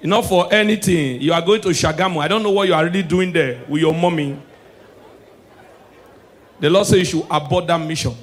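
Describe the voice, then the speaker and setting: A young man with a Nigerian accent doing live stand-up comedy, excitable and shouting his punchlines. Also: on the high side, a little fast, pauses often, some chatter behind.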